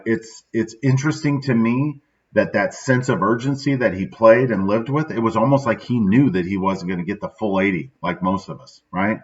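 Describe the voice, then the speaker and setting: A man's voice: lowish voice, a bit bright, recorded from a distance, muffled recording. A middle-aged man hosting a daily motivational podcast, speaking in a casual, reflective way and sounding sad and subdued, often tagging his sentences with "right?". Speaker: podcast host.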